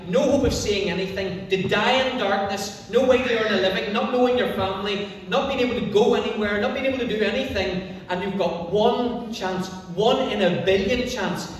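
A man preaching to children and parents at a church holiday club service, telling the story in an animated way with drawn-out, emphatic phrases. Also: sits high, a little hiss or hum. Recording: echoey church hall from far off.

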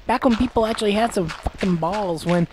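A woman hosting a gaming video goes off on an exasperated, profanity-laced rant. Her voice sits at an ordinary middle pitch. A faint noise runs under the recording. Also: a little fast. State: gassy, clearing throat. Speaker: Let's Play host. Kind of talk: ranting commentary over gameplay.

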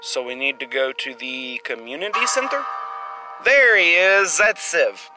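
A man's voice: fairly high pitch, a little slow, poor audio. Man chatting over game music. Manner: rambling, reads game text in a flat plain voice. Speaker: gamer playing a survival game. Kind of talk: casual gameplay commentary and reading game text aloud.

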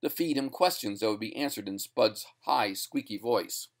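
Field: man narrating a sci-fi short story. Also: fairly low pitch. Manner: steady, measured storytelling.

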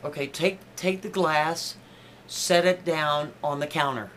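A man's voice: a little high, steady tone, measured pace, a bit bright, slight background noise. A man voicing a desperate woman stuck in a table, begging for help and repeating herself. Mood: pleading.

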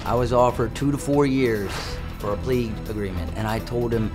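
A man talking earnestly and quietly in a recorded interview segment. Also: medium pitch, normal speed, few pauses, music in the background.

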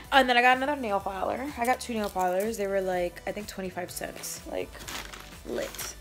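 A woman's voice: mid-range voice, normal speed, soft background music. A young woman vlogging a shopping haul in a casual, slangy, playful way, a bit out of breath. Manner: chatty, slangy, playful, rambling.

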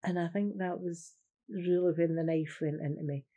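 A Scottish woman in her sixties speaks in an interview with a low, mellow voice. She tells her story earnestly and keeps slipping into "I says" as she recounts what was said. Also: steady tone, normal speed, dull audio. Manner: earnest, repeats "I says", acts out remembered dialogue. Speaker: interviewee, carer's widow.

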